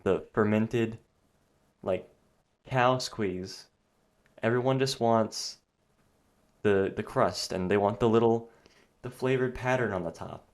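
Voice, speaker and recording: Young male podcast host, deep voice, sarcastic rambling monologue, slightly winded. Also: unhurried, long pauses. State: out of breath. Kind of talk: solo podcast rant.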